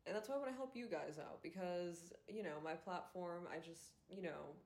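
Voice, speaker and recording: A woman's voice: on the low side, moderate pace, darkish tone. A young woman hosting a solo podcast, talking candidly and rambling with many fillers. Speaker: podcast host and influencer. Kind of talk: casual solo podcast monologue. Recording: roomy echo.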